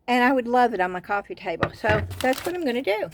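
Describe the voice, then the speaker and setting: A woman's voice: fairly high pitch, fast talker, slight background noise. Chatty Southern woman gushing over bargains. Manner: chatty, excited about bargains, rambling asides. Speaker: craft vlogger. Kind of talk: casual haul and craft chat.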